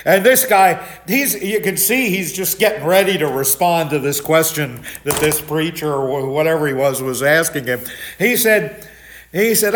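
Loud, animated older male preacher. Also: on the high side, moderate pace. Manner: loud, animated storytelling with many restarts. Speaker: pastor. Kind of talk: Bible study sermon.

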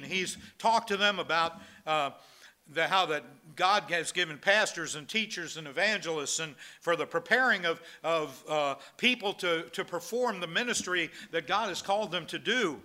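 This man preaches as a pastor in a high, sharp-toned voice, reading scripture in King James wording and often restarting or filling pauses.

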